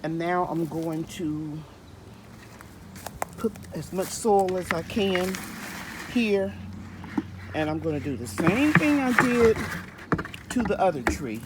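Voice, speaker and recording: A woman's voice: lowish voice, animated, slow, long pauses, background noise. A woman hosting a gardening vlog outdoors in her home garden, chatting and explaining each step as she works. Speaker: gardening channel host. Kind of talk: casual vlog narration.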